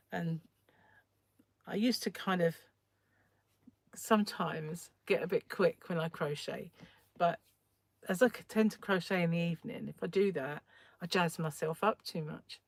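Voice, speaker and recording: A croaky woman hosting a casual crochet livestream from home, chatting and rambling while she works and often clearing her throat. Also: fairly low pitch, normal speed, pauses often, dry recording. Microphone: phone.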